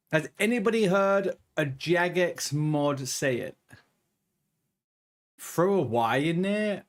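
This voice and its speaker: A man streaming a game and talking casually to his chat. His voice sits a little higher than most men's, and he sounds playful, chatty and loose. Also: animated, slow pace, long pauses.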